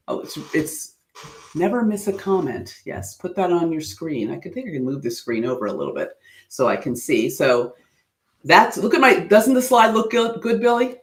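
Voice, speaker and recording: An American woman hosts a casual public speaking livestream, chatting loosely with her viewers. She pokes fun at herself and her pitch jumps high on exclamations. The sound carries some room echo. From United States. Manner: chatty, self-deprecating, animated with sudden high exclamations.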